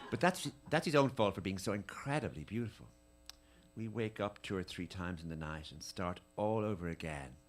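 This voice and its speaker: A man giving a dramatic reading of letters at a live tribute event, with an intimate, measured, lingering delivery. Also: sits low, a little hiss or hum.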